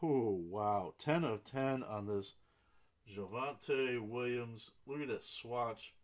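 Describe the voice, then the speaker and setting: An unhurried man hosting a live card break, calling out each card and the buyer it goes to in a middle-pitched voice. He breaks into excited exclamations whenever a big hit turns up. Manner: reads out cards and buyers' names, bursts into excited exclamations.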